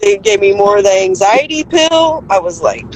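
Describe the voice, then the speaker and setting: A woman's voice: medium pitch, moderate pace, a crowd in the background, low-quality recording. Chatty woman just out of surgery. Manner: animated storytelling, swears freely. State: drowsy after sedation. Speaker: patient home from surgery. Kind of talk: casual chat on a live call.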